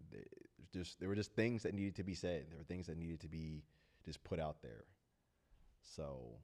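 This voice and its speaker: Very deep-voiced man talking from the heart. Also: a little mellow. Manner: earnest and sincere, speaking from the heart; loose, rambling storytelling. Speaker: host of a talk channel. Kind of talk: casual heartfelt monologue.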